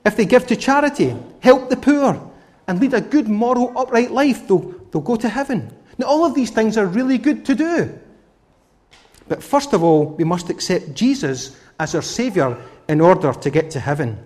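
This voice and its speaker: A male preacher giving a children's sermon with a high, expressive voice. He questions and coaxes his young listeners and tells them Bible stories. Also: moderate pace. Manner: animated, questioning the children directly.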